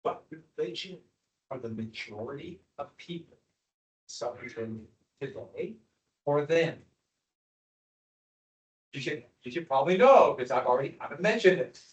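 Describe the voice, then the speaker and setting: A man teaching a history lecture to a class, animated and quizzing students as he goes. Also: fairly high pitch, unhurried, long pauses. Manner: animated, asks the class questions. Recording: echoey classroom from far off.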